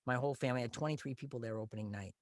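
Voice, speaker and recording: A man telling stories in a casual, animated way, with quick bursts of speech. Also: mid-range voice, no echo, studio quality. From Canada. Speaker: guest, Broadway actor.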